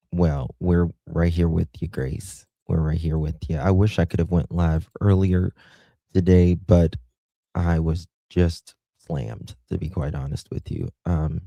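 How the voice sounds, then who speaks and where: Male livestream host, very low and husky, warm and affectionate with his viewers. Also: steady tone, slow, dry recording. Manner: affectionate, thanks viewers with endearments. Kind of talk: casual livestream chat, reading viewer comments.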